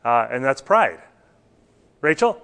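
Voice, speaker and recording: A man's voice: mid-range voice, sing-song, takes it slowly, a bit bright, smooth. A man teaching a church Bible class, talking earnestly and putting questions to his students.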